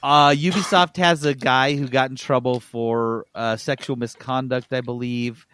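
A man's voice: medium pitch, unhurried, clean tone, no room sound. A man co-hosting a casual gaming podcast, ranting in an emphatic, joking way. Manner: animated, jokey, emphatic rants. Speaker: podcast co-host.

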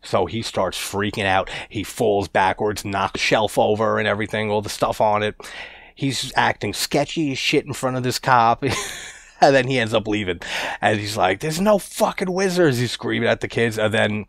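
A man's voice: fairly low pitch, steady tone, moderate pace, vocal fry, a bit bright, no echo. A man casually reviewing a horror movie, laid-back and chuckling as he recounts scenes.

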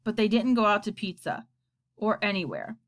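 A woman with a mid-range voice reads a children's book aloud at a moderate pace, using an expressive storytelling style.

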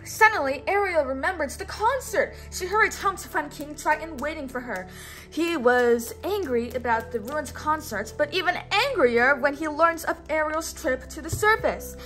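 A woman's voice: high-pitched, lively intonation, normal speed, a bit bright, soft background music. A young adult woman teacher reading a storybook aloud, patiently prompting a child to repeat words after her.

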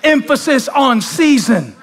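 A man preaching a sermon to a church crowd, starting hushed and building to shouting, repeating lines for emphasis. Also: very high voice, very animated, slow pace. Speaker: pastor. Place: large church auditorium.

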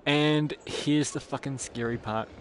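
A man streaming a game live, swearing often and yelping and shouting at what happens on screen. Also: medium pitch, fairly even intonation, a little slow, a little hiss or hum. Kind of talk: live gameplay commentary. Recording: loud game sound behind the voice. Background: loud video game audio.

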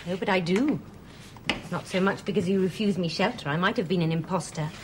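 An actress playing a dignified young woman in a period TV drama, speaking in a formal, measured, reproachful way. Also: on the low side, slight background noise, lightly acted. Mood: indignant.

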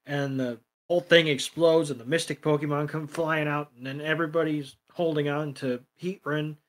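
رجل ساخر يشتم بحرية. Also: male voice, a little high, steady tone, moderate pace. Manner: sardonic, swears freely. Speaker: podcast co-host. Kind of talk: casual recap chat.

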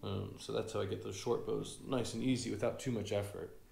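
A man teaching a casual fiddle lesson in a relaxed way, humming rhythms and using many fillers. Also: on the low side, fairly quick, gravelly. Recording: echoey room with fiddle playing.

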